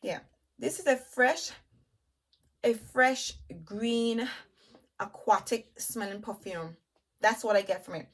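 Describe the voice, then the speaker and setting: A woman reviewing perfumes in a chatty way, talking straight to her viewers. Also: a little high. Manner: chatty, enthusiastic, addresses viewers as "you guys"; lists notes while smelling, with pauses and restarts. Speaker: beauty vlogger.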